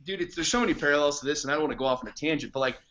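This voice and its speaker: A man's voice: on the high side, very fast, fairly bright tone, dull audio, a little hiss or hum. A man talking as a podcast guest and coach in casual conversation, blunt, emphatic and heavy on profanity.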